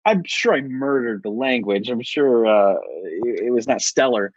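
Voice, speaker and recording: A man's voice: mid-range voice, lively intonation, normal speed, no echo, highs cut off. Chatty American man, rambling storyteller. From United States. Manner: rambling, self-correcting, laughs often. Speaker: podcast guest. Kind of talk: casual interview storytelling.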